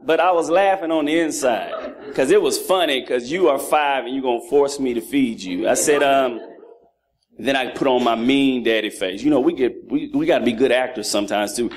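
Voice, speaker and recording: A man's voice: mid-range voice, moderate pace. A man in his thirties preaching a sermon, mixing funny stories about his sons with lessons on fatherhood. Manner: animated, acts out voices of his children. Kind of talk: sermon with humorous family stories.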